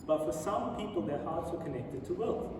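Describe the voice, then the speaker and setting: A man delivers a storytelling lecture in a mosque prayer hall, retelling the story with animated emphasis. His voice sits fairly high for a man and booms through a long, roomy reverb. He is heard from a distance, with steady background noise beneath him. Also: moderate pace. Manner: animated retelling, reading quoted speeches aloud. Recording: very echoey hall, speaker far from mic, audible noise.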